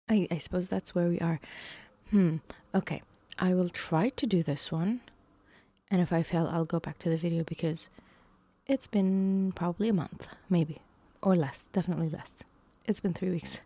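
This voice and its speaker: Woman streamer, lowish voice, muses hesitantly through math problems. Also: dark tone, no echo. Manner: musing, hesitant, slips into whispers. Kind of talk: casual live-stream thinking aloud.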